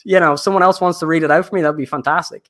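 A man's voice: on the high side, fairly even intonation, very fast, fairly bright tone. A man with a noticeable accent, a guest investor talking casually on a podcast in a rambling way, with many fillers and restarts. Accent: non-standard accent, noticed by viewers.

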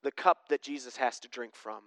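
Speaking at a medium pitch and moderate pace, a pastor delivers a conversational sermon, posing questions to the congregation and shifting between emphatic preaching and hushed moments. There's no echo on the recording.

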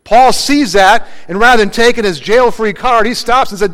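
A man's voice: high voice, moderate pace, hardly any pauses, a bit bright. A man preaching a sermon as pastor, asking his congregation questions and answering them himself. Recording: long hall reverb.

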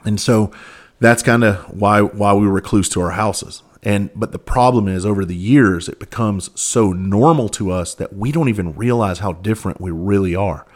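A man with a fairly low voice, hosting a podcast. He tells his stories in a casual, candid monologue and swears freely along the way. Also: normal speed. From Southern United States. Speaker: podcast host.

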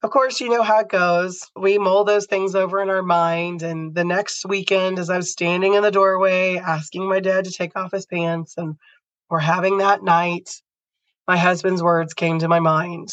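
A woman's voice: on the low side, little pitch movement, normal speed, no echo, dull audio. A woman podcast host telling a personal story in an earnest, heartfelt way.

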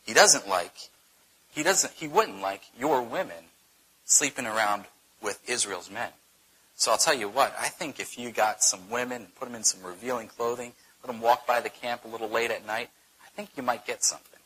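A man voicing a scheming hired diviner in a Bible story retelling, in a low, hushed, confiding way. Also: expressive, a little slow, long pauses, breathy edge, heavily acted, low-quality recording. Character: sly hired male diviner, apologetic and scheming.

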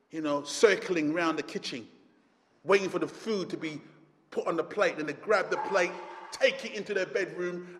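A man preaching a sermon, impassioned, rising to near shouts and then dropping low. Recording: hall reverb.

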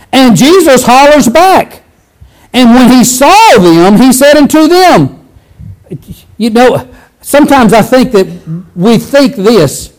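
Male preacher, conversational sermon, very high and lively voice, restarts often. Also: slow, low-quality recording. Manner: animated, conversational, acts out scenes, frequent restarts.

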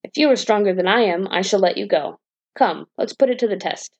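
A woman voices a huge, frightful old man with a long white beard, menacing and boastful. The voice has a gravelly edge. It is a dull, lo-fi storybook recording. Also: mid-range voice, expressive, brisk, darkish tone.

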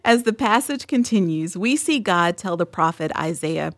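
A woman's voice: lowish voice, expressive, normal speed, no room sound, clean studio sound. A woman hosting a spoken devotional, talking in an earnest, candid, conversational way. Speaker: devotional host.

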